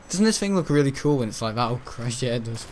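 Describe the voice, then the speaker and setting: A man's voice: mid-range voice, expressive, moderate pace, slight background noise. A man giving rambling, jokey commentary over a video game, often breaking into giggles. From north-west England. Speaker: gaming channel host. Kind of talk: casual gameplay commentary.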